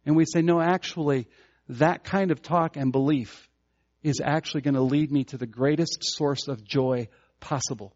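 A man preaching a sermon in an earnest way, stumbling over restarts and rising to loud fervor as he builds his points. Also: a little high, normal speed, dull audio.

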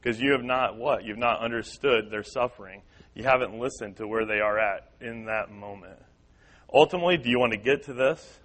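A man of medium pitch teaches a church class. He talks in an earnest, repetitive way, voicing the worries of the people he quotes to drive each point home. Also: fairly quick, a bit bright, low-quality recording. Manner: earnest, repeats key points, acts out quoted voices.

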